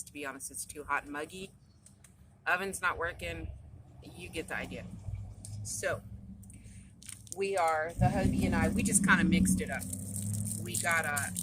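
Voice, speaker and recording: A woman's voice: deep voice, pushed and bright. Rambly lady vlogging from her car, road noise all over it. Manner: rambling, chatty storyteller. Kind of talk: casual chat to camera. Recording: noisy car phone recording. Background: road and vehicle noise.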